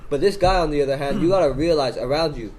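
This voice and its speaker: A man's voice: a little high, quick pace, darkish tone, slight background noise, poor audio. A teenage boy casually telling a story on a student podcast, acting out both sides of an argument. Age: teens. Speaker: podcast co-host. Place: school room in Hong Kong.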